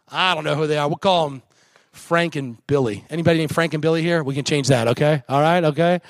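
A middle-aged man preaching a sermon as guest pastor, animated and jokey, mimicking mockers in a put-on voice. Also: on the high side, brisk, dry recording, studio quality. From United States.

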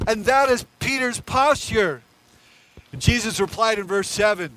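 A male pastor delivers a sermon with a very high voice for a man. He preaches in an earnest, conversational way and addresses his listeners directly. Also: expressive, unhurried, sharp tone, no room sound, low-quality recording.

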